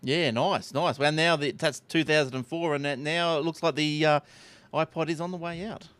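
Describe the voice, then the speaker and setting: A man hosting a tech podcast in a casual, chatty way, with quick asides. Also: a little high, steady tone, a bit bright, clean tone, no echo. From Australia. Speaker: podcast host. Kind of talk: casual chat.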